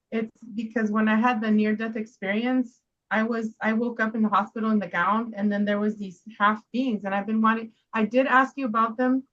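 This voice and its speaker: A woman hosting a casual chat, telling a personal story in an animated way and speeding up when she quotes herself. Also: mid-range voice, dull audio, a little hiss or hum. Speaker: host.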